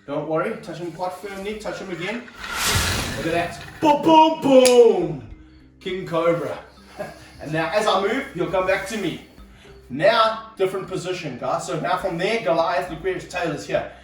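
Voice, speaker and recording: Excitable snake handler, roomy and distant. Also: male voice, sits high, normal speed. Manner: energetic, exclaiming, coaching a helper. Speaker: snake handler and wildlife vlogger. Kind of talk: excited hands-on wildlife vlog. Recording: roomy sound, mic held off at a distance, faint music behind.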